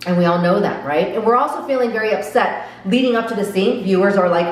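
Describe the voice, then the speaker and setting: A woman's voice: medium pitch, animated, fairly quick, few pauses, distant mic. A woman giving earnest, reflective commentary on a drama episode, often asking her viewers direct questions. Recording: echoey room, voice off-mic, faint background.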